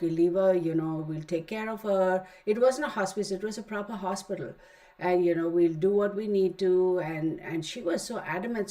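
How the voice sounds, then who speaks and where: A woman's voice: mid-range voice, a little mellow. A middle-aged woman with a Texan accent, hosting a tarot stream and telling a long story with many fillers. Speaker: tarot channel host. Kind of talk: casual livestream chat.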